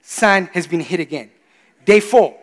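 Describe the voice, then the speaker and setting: A man in his thirties preaching a sermon, animated, swinging between quiet confiding asides and loud exclamations. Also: sits high, measured pace. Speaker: pastor. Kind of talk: sermon with storytelling. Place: church. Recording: reverberant church hall.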